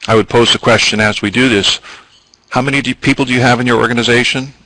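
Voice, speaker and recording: A man's voice: mid-range voice, fairly even intonation, quick pace, pushed and bright, no echo, poor audio. A man presenting a business training webinar, explaining at length with ums and asides.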